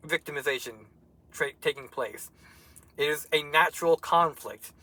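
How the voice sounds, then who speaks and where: A man's voice: fairly high pitch, normal speed, sharp tone, low-quality recording. A young man in casual chat, ranting heatedly and swearing a lot as he co-hosts. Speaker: co-host.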